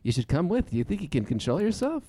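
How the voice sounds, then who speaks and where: A man's voice: on the high side, big pitch swings, fast talker, noisy background. A man improvising as an upbeat sales boss who keeps praising his staff, chummy and overly encouraging. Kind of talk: improvised comedy scene.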